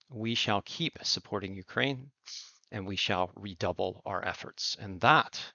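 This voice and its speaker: A man hosting a surf and climate report, speaking in earnest, emphatic commentary with deliberate phrasing. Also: low voice, creaky, sharp tone, no room sound. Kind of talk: impassioned spoken commentary. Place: Outer Banks coast. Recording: dull lo-fi recording.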